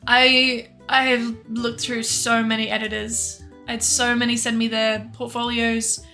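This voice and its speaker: A woman's voice: fairly high pitch, flat delivery, unhurried, hardly any pauses, sharp tone, soft background music. A young woman streamer in casual livestream chat, rambling, laughing often and swearing casually.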